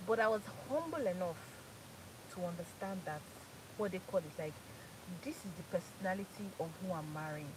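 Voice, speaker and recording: A woman's voice: fairly low pitch, lively intonation, moderate pace, noisy background. A Nigerian woman in her thirties from Port Harcourt, hosting a casual live chat, laughing often and repeating phrases for emphasis. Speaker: live stream host.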